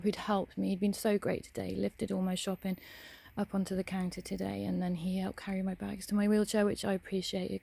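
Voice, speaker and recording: A woman's voice: medium pitch, gravelly, mellow. A young woman ranting bluntly to camera, swearing often and speaking frankly. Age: young adult. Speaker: vlogger. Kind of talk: casual ranting monologue.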